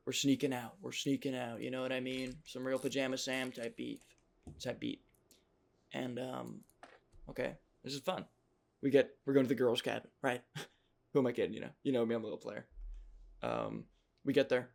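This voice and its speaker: A man's voice: mid-range voice, creaky, a little mellow. A young man casually telling a rambling, jokey childhood story, full of self-mocking asides.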